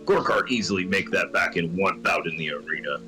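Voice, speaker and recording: A man's voice: low voice, a little fast, sharp tone, faint music behind. A man voicing a brutish arena fighter who speaks in broken grammar and refers to himself by name. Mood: confident.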